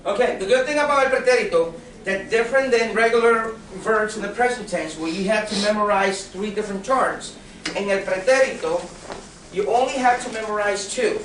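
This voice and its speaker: High-voiced man teaching in an echoey classroom. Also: brisk, a bit bright, far from the mic, slight background noise. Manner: patient, checks for understanding with "okay?" and questions. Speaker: Spanish teacher. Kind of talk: classroom lecture. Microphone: recorded from across the room.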